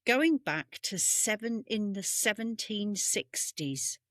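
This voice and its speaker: Unhurried British woman telling stories. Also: medium pitch, expressive, a bit bright, no room sound, clean studio sound. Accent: British English. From England. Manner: meandering, self-correcting, unhurried. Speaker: podcast co-host. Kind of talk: casual storytelling chat. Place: home room on a video call. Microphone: webcam mic.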